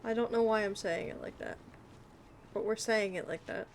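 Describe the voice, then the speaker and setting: A woman's voice: mid-range voice, fairly even intonation, moderate pace, slight background noise. A woman live streamer giving casual gameplay commentary, chatty and talking to herself as she pleads with the game.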